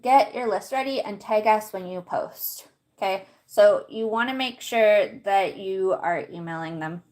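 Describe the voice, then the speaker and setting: A woman's voice: mid-range voice, measured pace, darkish tone. Woman, livestream host, casual walkthrough, chatty, laughs a lot, talks to chat, at home.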